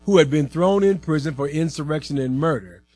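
A man giving a dramatic Bible reading, expressive in delivery. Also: on the high side, brisk. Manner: expressive, acting out the voices in quotes. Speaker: scripture reader.

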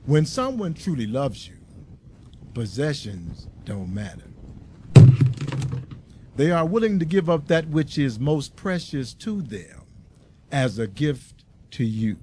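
A man reading a story aloud and turning it into a sermon, slow and deliberate with emphasis. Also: medium pitch, big pitch swings, a little mellow, slight background noise. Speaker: preacher.

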